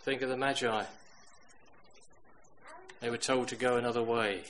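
A middle-aged man delivers a sermon in a mid-range voice, leaning into stories. He rises to loud, emphatic peaks and drops to near-whispered asides. A faint hiss sits behind the recording. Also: medium pitch, steady tone, normal speed, rough recording. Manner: storytelling, swings from loud emphatic to quiet. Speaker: preacher.

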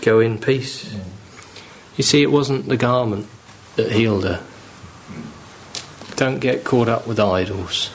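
Male preacher, unhurried, earnest, faint ambience. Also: on the low side, fairly even intonation, a little hiss or hum. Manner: earnest, pleading, rising with fervour. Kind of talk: sermon.

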